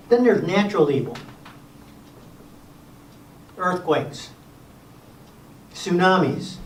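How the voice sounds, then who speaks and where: An older man leads a church class in a folksy, wry way, with gentle humor between his points. His voice sits a little high. He is recorded from across an echoey room, with faint background hiss. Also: distant mic. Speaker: Sabbath school presenter. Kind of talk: casual lecture to a class.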